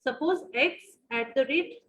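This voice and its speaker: A woman with an Indian English accent gives an online university lecture in a high voice, filling her sentences with "uh", repeating phrases and quizzing her students. The sound is a bit dull and lo-fi, as from a video call. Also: unhurried. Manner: repeats phrases, many fillers, asks the class questions.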